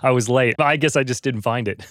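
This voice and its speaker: A man's voice: medium pitch, fast, a bit bright, no room sound, clean studio sound. A man hosting an interview, asking curious, encouraging questions. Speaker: podcast host. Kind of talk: casual interview.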